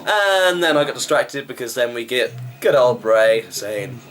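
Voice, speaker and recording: A man's voice: mid-range voice, sing-song, unhurried, a bit bright, faint music behind, poor audio. A man giving a chatty, wry running review of a wrestling show, rambling with fillers. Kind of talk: casual vlog review.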